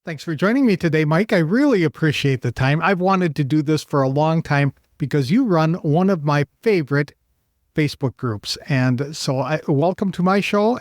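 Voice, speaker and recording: A man's voice: fairly high pitch, no room sound, studio quality. A man hosting a podcast, reading an introduction and then asking a guest friendly questions over a video call. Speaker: podcast host. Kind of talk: scripted intro then interview chat.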